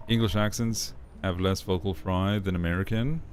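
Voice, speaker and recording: A man's voice: low voice, fairly even intonation, moderate pace, a little hiss or hum. A man streaming a game, chatting casually and critiquing his own voice work. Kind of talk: casual chat while playing.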